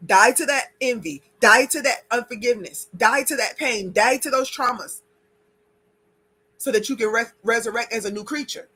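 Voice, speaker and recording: Female podcast host, spiritual leader; bright, sharp tone; repetitive chanting, rising to near-shouts. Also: a little high, husky. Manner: leads listeners through breathing exercises. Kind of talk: impassioned spiritual guidance.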